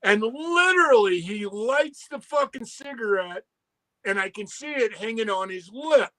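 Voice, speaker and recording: High-voiced man telling a profane story. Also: unhurried, no echo. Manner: profane, animated storyteller, acts out quotes. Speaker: podcast co-host. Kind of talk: casual storytelling chat.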